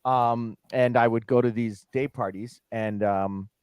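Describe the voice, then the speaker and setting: Man in his forties, podcast guest, casual storyteller, medium pitch, animated, swears, dry close mic. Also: clear, resonant tone, dry recording, lo-fi sound. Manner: animated, swears freely, laughs often, quick asides. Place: podcast studio.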